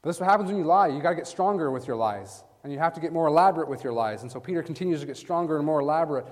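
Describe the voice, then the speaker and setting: A man preaching a sermon with emphatic stress, swinging from hushed lines to loud bursts and often asking his listeners "right?". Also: a little high, expressive, very fast. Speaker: preacher teaching a Bible passage. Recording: long reverb from a large hall.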